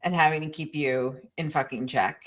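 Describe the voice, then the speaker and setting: A woman's voice: low voice, fairly even intonation, moderate pace. A middle-aged woman co-hosting a podcast, telling stories in a profane, exasperated casual chat. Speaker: podcast co-host.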